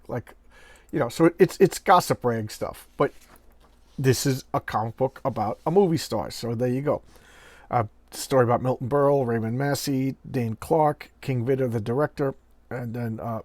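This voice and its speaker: A man's voice: medium pitch, normal speed, darkish tone, no echo. Middle-aged male comic reviewer, chatty and loose, mid-range voice, dry close sound. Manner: chatty, acts out comic dialogue in bits, self-correcting. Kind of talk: casual show-and-tell chat.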